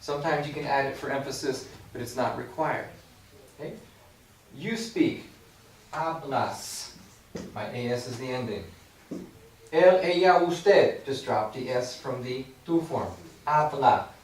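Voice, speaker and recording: A man's voice: on the high side, a little mellow. A man teaching a recorded Spanish grammar lesson, explaining patiently with playful asides. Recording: echoey room, far from mic, faint background hum.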